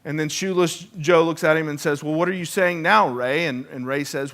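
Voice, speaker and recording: A man preaching a sermon in a conversational way, stumbling and repeating words, then dropping to hushed endings after emphatic lines. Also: moderate pace, few pauses. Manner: conversational preaching with frequent repetitions and restarts; swings from emphatic peaks to hushed low endings. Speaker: pastor.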